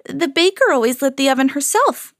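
A woman voicing a poor, gentle young female mouse who speaks in a bright, earnest way. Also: high-pitched, sing-song, a little fast, no room sound, clean studio sound, pitched above the performer's own voice, exaggerated voice.

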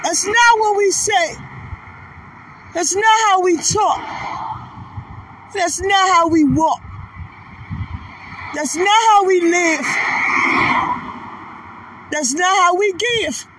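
A woman's voice: very high voice, extremely slow, pauses often. A woman preaching a sermon, building emphatic runs of repeated rhetorical questions. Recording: distant mic, faint noise.

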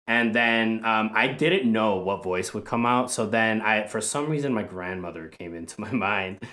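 A man's voice: fairly low pitch, normal speed. A young man guest on a podcast, chatting casually and rambling with many fillers. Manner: rambling, soft-spoken, with frequent fillers. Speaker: guest, content creator.

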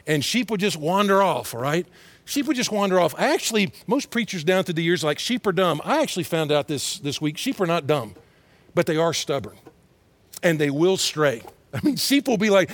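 A man's voice: sits high, dry recording. A middle-aged man from Texas, preaching a conversational sermon and acting out quoted voices. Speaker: pastor.

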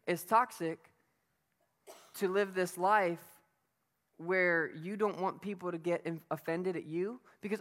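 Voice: medium pitch, steady tone, unhurried, pauses often, a bit bright. A preacher giving a sermon in an emphatic, conversational way, asking the listeners rhetorical questions. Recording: long reverb of a hall.

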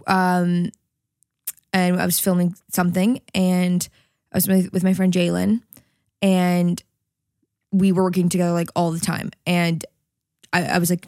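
A woman's voice: fairly low pitch, dry recording, studio quality. Rambling, giggly young woman podcaster. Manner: rambling storyteller, swears freely, giggly. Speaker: podcast co-host. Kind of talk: casual chat.

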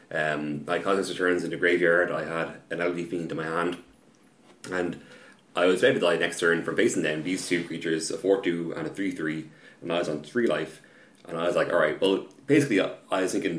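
A man telling a story about a card game match in casual podcast chat, halting and repeating words, getting animated as the story builds. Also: low voice, echoey room.

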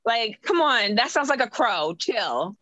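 Bright-voiced woman from Boston. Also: on the high side, big pitch swings, unhurried, no room sound, rough recording. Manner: laid-back, firm, jokey. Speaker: podcast guest. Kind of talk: casual podcast chat.

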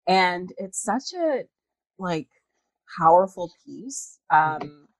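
Female actor as guest, casual chat, lower voice, dry close sound, lively with quick asides. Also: no room sound, poor audio. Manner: animated storyteller, laughs, puts on voices. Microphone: video call.

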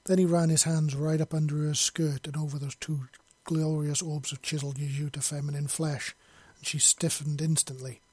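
A man's voice: on the high side, flat delivery, moderate pace, few pauses, darkish tone, slightly rough, no room sound. A man reading a long fantasy story aloud in an unpolished way, with slips and self-corrections. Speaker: story reader. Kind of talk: reading his own fiction aloud.

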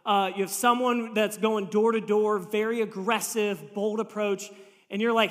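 Male pastor, high bright voice, joking sermon in a reverberant church hall. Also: steady tone, moderate pace. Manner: humorous storytelling, acts out quoted voices. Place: church sanctuary.

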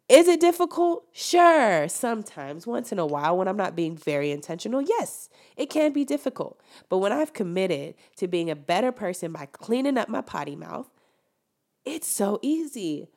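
A young woman hosting a casual opinion monologue, preaching with emphatic, animated delivery and sudden loud peaks. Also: mid-range voice.

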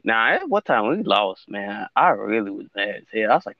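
A young man from Alabama with a Southern accent, chatting casually on a podcast, excitable, laughing often and jumping into high shouts. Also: a little fast, creaky, hardly any pauses, dry recording. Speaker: podcast co-host. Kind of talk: casual chat. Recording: dry dull lo-fi mic.

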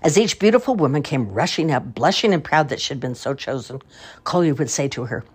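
An older woman with a husky voice reading a children's story aloud with expression. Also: low-pitched, lively intonation, fairly quick.

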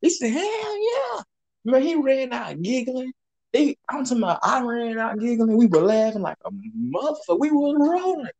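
A man with a Southern US accent telling a story in casual chat, animated and profane, acting out what people said. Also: very high voice, moderate pace. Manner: animated, profane, acts out quotes. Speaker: storyteller host.

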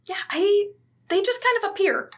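A woman's voice: very high-pitched, normal speed, a bit bright. A woman co-hosting a podcast, recapping a movie in casual chat, swearing freely and acting out the characters. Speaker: podcast co-host.

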